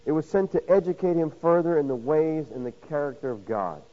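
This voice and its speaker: A man preaching a sermon, swinging from loud emphasis to hushed, intimate lines and acting out quoted voices with rhetorical questions. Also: a little high, animated, fairly quick, lo-fi sound. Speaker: pastor.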